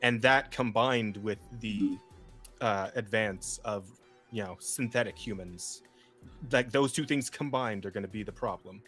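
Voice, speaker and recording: A man's voice: fairly low pitch, measured pace, fairly bright tone, faint music behind. A man co-hosting a podcast, chatting casually and profanely as he reacts to videos, often laughing. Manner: profane, laughing, loose rambling. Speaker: podcast co-host.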